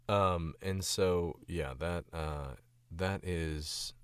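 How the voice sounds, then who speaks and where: A man's voice: sits low, steady tone, very slow, clear, resonant tone, no room sound. A young man and voice actor chatting casually on stream while editing his own audio, rambling and self-critical, into a studio mic.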